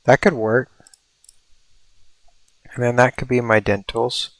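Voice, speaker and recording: A man's voice: medium pitch, fairly even intonation, slow, dry recording. A man streaming a building game, musing and thinking aloud as he works, with playful mock-mystical asides. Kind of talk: casual livestream commentary.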